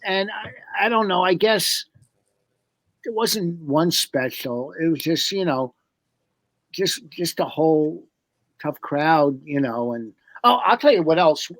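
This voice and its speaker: A male comedian drawls through his memories at a slow pace, swearing freely along the way. His voice sits a bit high and is recorded close and dry. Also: expressive, a bit bright, no echo. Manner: slow, profane, rambling recollection. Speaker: comedian guest. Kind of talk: casual round-table chat.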